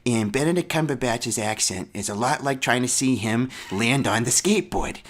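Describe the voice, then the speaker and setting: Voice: medium pitch, moderate pace, natural voice. A performer playing an opinionated elderly woman who reviews movies on a comedy show and rambles through long lists with many fillers.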